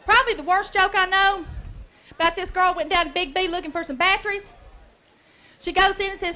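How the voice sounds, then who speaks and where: A woman's voice: very high-pitched, fast, bright, forceful tone. A woman with a Southern US accent doing a stand-up comedy routine, telling folksy, brash stories with bawdy punchlines. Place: comedy club stage.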